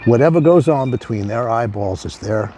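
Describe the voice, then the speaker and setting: A man's voice: mid-range voice, lively intonation, moderate pace, mellow, a little hiss or hum. A man giving a motivational talk on addiction recovery, conversational and emphatic, repeating key phrases.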